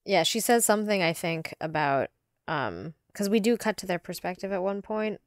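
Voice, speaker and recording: A woman co-hosting a podcast in casual book-discussion chat, talkative and quick to act out characters' lines. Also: mid-range voice, animated, no room sound, clean studio sound. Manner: chatty, acts out characters' lines in quick impressions. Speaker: podcast co-host.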